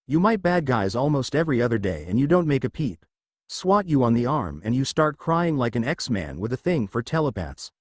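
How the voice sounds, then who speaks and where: A man's voice: medium pitch, sing-song, moderate pace, a little mellow, dry recording. A man voicing a sassy teasing wife. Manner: sassy, nonchalant. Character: playful, teasing young wife.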